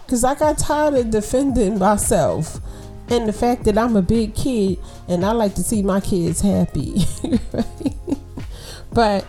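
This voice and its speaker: Speaking at medium pitch, this chatty podcast-hosting mom delivers a casual, upbeat pep talk straight to her audience. Her animated delivery is full of "girl" and "okay?"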